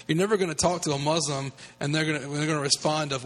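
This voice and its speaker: A man's voice: fairly high pitch, fairly even intonation, fast talker. A man from the United States, a guest telling a personal story in an earnest, conversational way. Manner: earnest, with frequent restarts. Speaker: guest speaker on evangelism.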